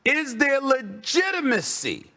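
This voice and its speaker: A man's voice: extremely high pitch, very animated, sharp tone. Emphatic man in sports debate. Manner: emphatic, rhetorical questions, drawn-out sing-song delivery. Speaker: sports talk host.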